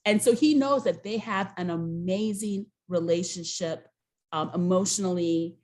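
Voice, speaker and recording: A woman co-hosting a casual recap show, telling the story with lively, acted-out dialogue. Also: fairly low pitch, measured pace. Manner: animated storyteller, acts out quoted dialogue.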